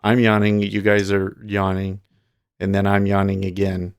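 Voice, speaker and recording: A man hosting a day trading livestream, casually thinking out loud in a relaxed, drowsy, rambling way. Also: sits low, normal speed, clean tone. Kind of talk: casual live market commentary. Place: home trading desk with large screens.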